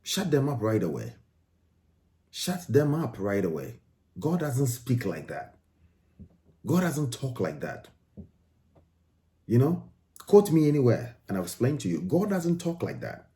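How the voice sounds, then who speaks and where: A man's voice: medium pitch, wildly swooping pitch, unhurried, pauses often, mellow. A man from Ghana, giving emphatic commentary on video clips and repeating phrases for stress.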